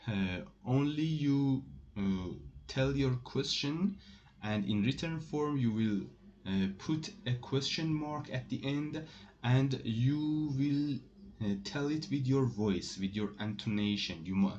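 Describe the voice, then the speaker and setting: A man giving a relaxed online language lesson at an unhurried pace, pausing often and restarting his sentences. His voice sits at an ordinary middle pitch. The sound is a little dull and lo-fi. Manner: slow and halting, many fillers and restarts. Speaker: French teacher.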